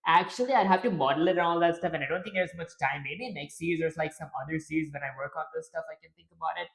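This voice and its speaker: Young streamer, mid-pitch, casual rambling self-talk, roomy echoey home mic. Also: fast talker, gravelly, fairly bright tone. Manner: rambling, self-talking, trailing restarts. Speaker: live-stream game developer. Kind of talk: casual live-stream chatter. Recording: roomy echo.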